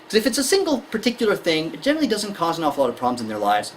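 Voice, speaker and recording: A woman's voice: fairly low pitch, wildly swooping pitch, racing, slight background noise, low-quality recording. A woman giving a conversational lecture to parents on anxiety in children, explaining with everyday examples. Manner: conversational, illustrates with examples and acted-out scenes.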